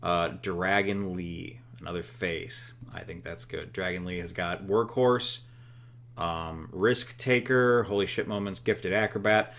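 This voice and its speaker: Low-voiced man thinking aloud. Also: fairly even intonation, measured pace, gravelly, a bit bright. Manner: thinking aloud, joking, lots of fillers. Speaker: co-host. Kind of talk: casual chat while playing a booking game.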